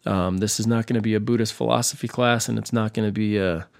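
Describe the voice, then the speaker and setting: A man's voice: fairly low pitch, steady tone, fast, gravelly, clean tone, no room sound, clean studio sound. A man hosting a podcast, talking in a loose, rambling monologue with a wry, sarcastic humor and lots of restarts. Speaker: podcast host.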